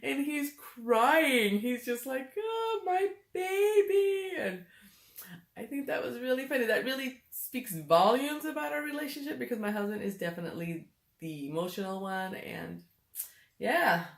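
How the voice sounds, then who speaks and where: Recorded in a room with an echo, this middle-aged mom and vlogger shares family stories in casual conversation, laughing readily. Her voice is gravelly and fairly high, at a normal speed.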